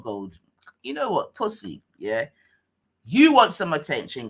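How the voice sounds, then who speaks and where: A woman's voice: sits low, huge pitch swings, a little slow, fairly bright tone, slightly rough. Mocking London woman hosting a stream. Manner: mocking, swearing, taunting. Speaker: live stream host. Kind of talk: heated live stream argument.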